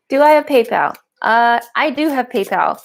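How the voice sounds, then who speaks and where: A woman's voice: sits high, creaky. A woman giving a live-streamed tarot and oracle card reading, chatty and giggly, with a lot of "like" fillers.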